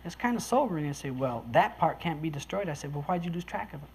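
A storyteller talks in a folksy, easygoing way, often chuckling and acting out the voices of the people in the tale. The voice sits at an ordinary middle pitch. A faint hiss of room ambience runs underneath. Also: lively intonation, fast, a little mellow. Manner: folksy, chuckles between lines, acts out quoted voices. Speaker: speaker telling a story to listeners. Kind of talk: casual storytelling talk.

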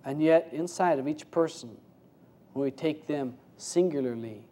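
Folksy and heavy on rhetorical questions, a man delivering an informal sermon as a spiritual teacher swings from low, hushed passages to louder, quicker ones.

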